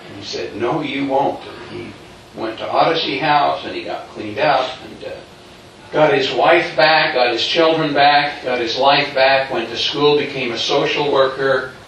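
A man's voice: medium pitch, a little slow. Man telling a story in an echoey hall. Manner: animated storytelling, acting out quotes with chuckles. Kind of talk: preached storytelling. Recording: very echoey hall, distant mic, faint noise.

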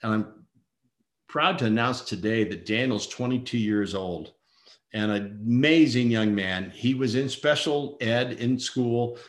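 A middle-aged man speaks at a medium pitch and a slightly slow pace, his voice echoing. He earnestly recounts a personal story as a father, acting out the voices of people in it, in an emotional testimony.

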